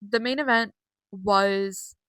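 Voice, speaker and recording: A woman's voice: mid-range voice, slow, fairly bright tone, smooth, dry recording, low-quality recording. A young woman chatting casually from her bedroom, rambling with many fillers as she recaps wrestling shows. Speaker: wrestling vlogger. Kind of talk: casual chat.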